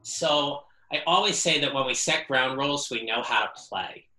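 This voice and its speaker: Earnest, bright-voiced man in an echoey room. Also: mid-range voice, normal speed. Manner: earnest, reflective, repeats words while thinking. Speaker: interview guest. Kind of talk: casual interview.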